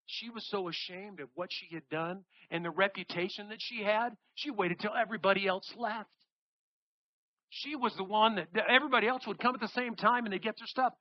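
A man preaching a sermon, reading scripture and acting out the people in the story with animated delivery. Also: high-pitched, brisk, no echo, muffled recording. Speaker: pastor.

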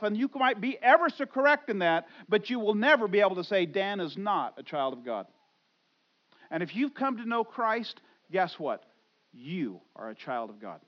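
A middle-aged man preaching a sermon, swinging from loud exclamations to hushed, earnest asides and acting out inner voices. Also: high voice, very animated, moderate pace, dull audio. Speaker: pastor.

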